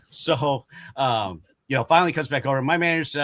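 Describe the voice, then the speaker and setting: A man speaking on a dry, close microphone with an ordinary mid pitch. He tells a story in a casual, chatty way and acts out the people he quotes. A light laugh slips in now and then. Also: fairly quick, a bit bright, dry recording. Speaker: panel guest telling a story.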